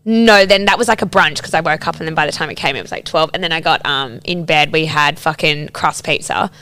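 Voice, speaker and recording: Bright-toned, chatty woman. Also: low voice, fairly quick. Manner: chatty, sweary, heavy use of "like". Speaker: podcast co-host. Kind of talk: casual chat.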